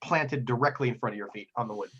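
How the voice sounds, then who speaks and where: A man narrating as game master of a tabletop game, halting and full of fillers. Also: mid-range voice, lo-fi sound, very noisy.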